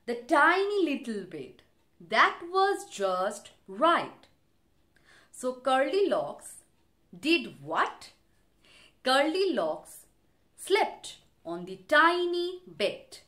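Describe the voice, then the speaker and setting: A woman teacher from India telling a story to young children, slowly, asking questions and repeating key points. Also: a little high, very animated, sharp tone. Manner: slow, asks the class questions, repeats for emphasis.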